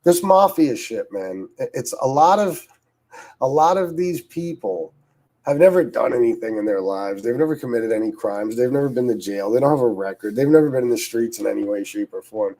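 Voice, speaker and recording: Mellow-voiced man ranting on a livestream. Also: medium pitch, fairly quick, rough recording. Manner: profane, repetitive, animated storytelling. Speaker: livestream host. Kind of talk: casual ranting commentary.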